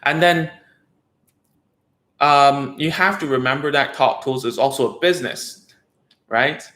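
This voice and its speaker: Bright and forceful, this man's medium-pitched voice goes a little slow in a reverberant room. He's a speech therapist explaining things to parents in a relaxed, rambling style, full of fillers and repeated "okay?" checks.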